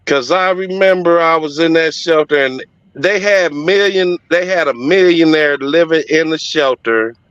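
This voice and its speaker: Forceful middle-aged man, heartfelt storyteller. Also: a little high, measured pace, clear, resonant tone, no room sound. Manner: emphatic, profane, heartfelt retelling. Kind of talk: casual storytelling in conversation. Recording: dull lo-fi audio, dry.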